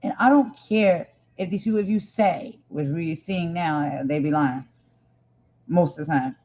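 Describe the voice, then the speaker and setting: Here a woman gives heated live stream commentary, leaning hard on her words, circling back to the same points, and talking right to her audience. She has a deep, darkish voice at a moderate pace, captured in a rough recording.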